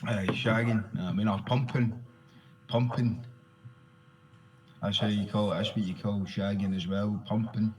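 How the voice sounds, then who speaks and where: A man's voice: fairly low pitch, steady tone, quick pace, few pauses. A Scottish man explaining local slang in casual chat, blunt and sweary, often adding "you know what I mean". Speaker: interviewee. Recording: crowd noise behind.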